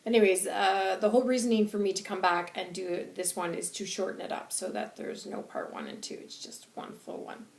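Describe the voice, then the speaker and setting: A woman's voice: medium pitch, steady tone, fairly quick, creaky, hardly any pauses, echoey room. A woman who works as an intuitive channeler, chatting casually in a rambling, chatty vlog. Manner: rambling, chatty, laughing asides.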